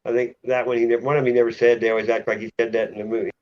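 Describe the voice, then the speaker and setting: A man's voice: medium pitch, level tone, racing, darkish tone, slight background noise. A man hosting a casual live chat, joking crudely and laughing often. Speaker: channel host. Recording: muffled lo-fi audio.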